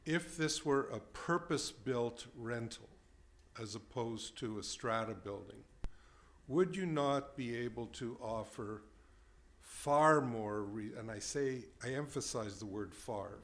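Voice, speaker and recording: A man on a town council, asking the developer pointed questions with deliberate emphasis. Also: mid-range voice.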